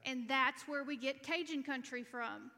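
A woman's voice: sits high, measured pace, bright, forceful tone. A woman from Alabama preaching a sermon, earnest and teaching point by point. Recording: reverberant church hall.

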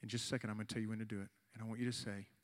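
A man in his forties who works as a youth pastor preaches a sincere sermon with an altar call, pleading with the room and slowing to stress his words. His voice sits on the low side with little pitch movement.

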